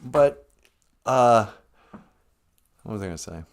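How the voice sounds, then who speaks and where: Sardonic rambling man, lively pitch. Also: takes it slowly. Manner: sardonic, rambling, with mocking put-on voices. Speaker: live-stream comedian. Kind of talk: rambling comic monologue.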